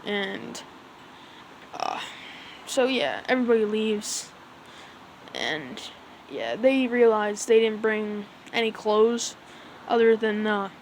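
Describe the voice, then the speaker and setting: A woman's voice: mid-range voice, a little hiss or hum, rough recording. A woman casually retelling a story as a fan, rambling and full of fillers like "so yeah".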